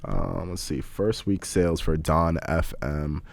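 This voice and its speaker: A man's voice: a bass voice, unhurried, dry recording. A young man co-hosting a podcast, chatting casually in slang with frequent laughter. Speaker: podcast co-host. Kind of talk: casual chat.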